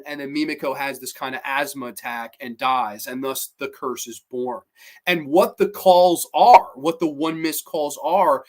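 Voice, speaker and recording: A man's voice: fairly high pitch, a bit bright. Chatty, opinionated male horror reviewer. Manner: chatty and opinionated, with frequent fillers and occasional swearing. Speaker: horror film reviewer, podcast host. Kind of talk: casual film review monologue.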